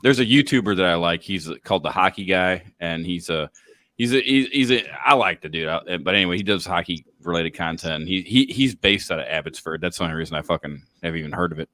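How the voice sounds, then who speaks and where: Deep, bright-edged man joking around. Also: lively intonation, no echo. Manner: joking, stammers, quick asides. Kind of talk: casual banter.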